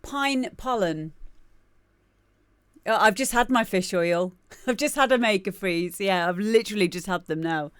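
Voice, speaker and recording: A woman's voice: mid-range voice, moderate pace, smooth, no echo. A woman in her thirties hosting a live stream, chatting casually and greeting viewers by name with laughs and rambling asides. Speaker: livestream host.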